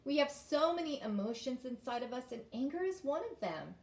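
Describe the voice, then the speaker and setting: A calm, reassuring mother from a children's story, voiced by a woman reading aloud. Her delivery is gentle, lively and a little high. The sound is roomy and echoey. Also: a little fast. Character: patient, reassuring mother of a young girl.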